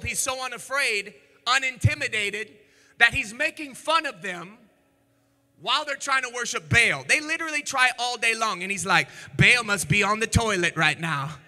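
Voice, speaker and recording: Pastor guy preaching loud then hushed, high bright voice, big echoey church. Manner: animated preaching, swings from shouts to hushed low storytelling. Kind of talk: energetic sermon. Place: church sanctuary.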